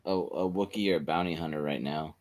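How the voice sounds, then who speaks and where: A man's voice: rumbling low, fairly quick, heavy background noise. A man co-hosting a livestream, talking casually and cracking jokes. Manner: joking, talkative. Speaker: co-host.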